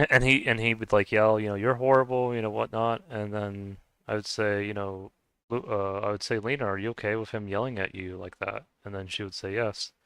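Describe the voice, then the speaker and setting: A man's voice: lowish voice, a bit bright, clean tone, no room sound, rough recording. A man streaming a game, chatting casually to viewers and rambling with many restarts. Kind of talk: casual chat while gaming.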